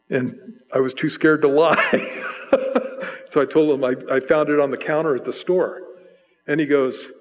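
A pastor giving a sermon in a conversational, storytelling way, with self-deprecating asides. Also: male voice, on the high side, steady tone, moderate pace, a little mellow. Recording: long hall reverb.

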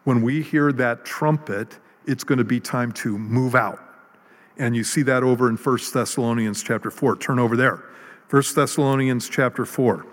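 A man preaching a sermon in a relaxed, conversational way, with self-deprecating jokes and many ums and restarts. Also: medium pitch, normal speed. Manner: conversational, jokey, with fillers and restarts. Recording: long hall reverb.

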